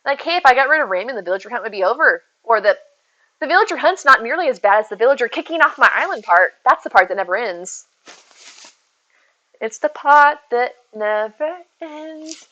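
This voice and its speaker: Bright, excitable woman streamer. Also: on the high side, fast, muffled recording. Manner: excitable and chatty, over the top. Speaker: livestreamer. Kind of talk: casual live game stream chat. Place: home.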